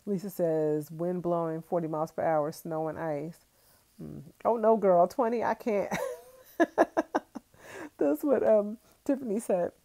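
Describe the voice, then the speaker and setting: A woman's voice: lowish voice, normal speed, creaky, warm tone. A young woman from Brooklyn, chatting casually on a livestream, reading viewer comments and laughing often. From Brooklyn, New York. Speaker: vlogger on a livestream.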